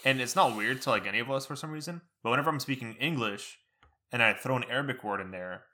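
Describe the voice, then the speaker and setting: A young man chats with a friend at a quick clip, packing his sentences with loose filler words. His voice is bright and forward. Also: mid-range voice. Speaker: friend in conversation. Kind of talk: casual chat.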